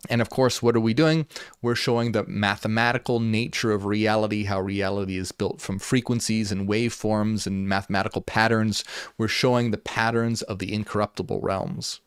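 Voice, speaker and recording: A man's voice: on the low side, steady tone, moderate pace, clear, resonant tone, dry recording. Earnest man explaining old texts, dry sound. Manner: earnest, repeats himself, with restarts and fillers; switches between reading passages aloud and casual paraphrase. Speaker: channel host. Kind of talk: unscripted talk reading and explaining ancient texts.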